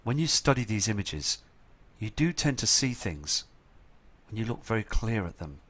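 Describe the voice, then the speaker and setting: A man's voice: fairly low pitch, big pitch swings, moderate pace, a bit bright. A man hosting his channel, giving earnest, urgent voice-over commentary on photos sent in by viewers. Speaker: channel host.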